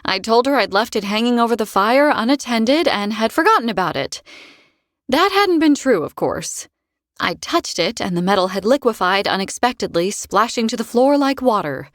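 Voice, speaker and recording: A woman narrating a first-person fantasy audiobook in a wry, expressive way. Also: fairly high pitch, normal speed, dry recording, clean studio sound.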